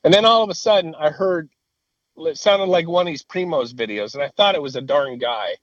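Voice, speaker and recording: A man telling a hunting story in casual conversation. He is animated, swears freely and laughs at his own story. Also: on the high side, a little fast, dry recording, highs cut off.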